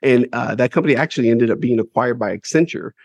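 The audio is dull and free of room sound as a man with a slightly rough, mid-range voice talks fast. He runs a publishing company and, guesting on a casual interview, recounts his life candidly and with emphasis, swearing liberally and repeating words while building up each point.

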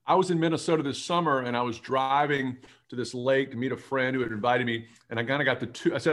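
A man's voice: medium pitch, steady tone, fast, hardly any pauses, a bit bright. A man hosting a casual interview show, teasing his guest and joking as he talks. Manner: teasing and jokey. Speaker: podcast host.

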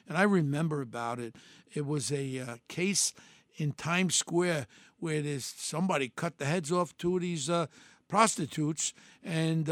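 A man's voice: on the high side, vocal fry, no room sound, clean studio sound. An older man hosting a podcast, talking in a blunt, rambling way with many restarts and fillers. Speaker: podcast host. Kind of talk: casual monologue.

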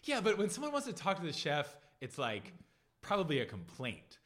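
A man trades jokes in an easygoing chat. His voice rises and falls in lively swings. It has a bright, forward tone, and he swears now and then. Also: fairly high pitch, moderate pace. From Philadelphia. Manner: animated, joking, swears casually. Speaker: podcast co-host. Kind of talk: casual chat.

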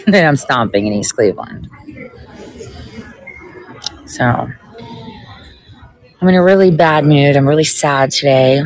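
A woman's voice: low voice, poor audio. A woman, a political podcaster, in a casual ranting monologue full of sarcasm, profanity and mocking asides.

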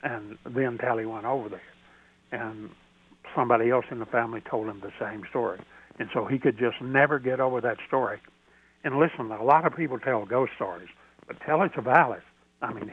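An older man with a Southern American accent, telling a story as a radio guest in a folksy, halting way with many restarts. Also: medium pitch, slightly rough. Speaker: podcast host, radio guest. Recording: dry tinny phone line.

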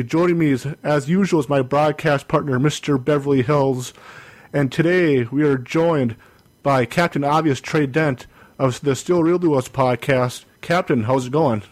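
Man, podcast host, easygoing and a bit high-voiced, dry close mic. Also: normal speed, no echo. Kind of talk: casual podcast chat.

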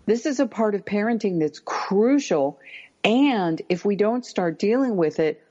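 A woman's voice: medium pitch, lively intonation, measured pace, darkish tone. A woman speaking as a parenting expert in a conversational podcast, emphatic and earnest, often restarting her sentences. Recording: dull lo-fi recording.

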